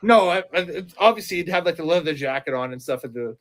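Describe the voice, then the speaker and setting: A man's voice: a little high, expressive, fast talker, fairly bright tone. A man hosting a podcast in casual chat, laughing often and stumbling through restarts. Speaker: podcast host.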